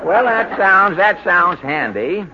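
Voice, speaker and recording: 1930s radio comedy host, a man with dry wisecracks and a lively, up-and-down delivery; muffled broadcast, heavy hiss. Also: high voice, slow, crowd noise.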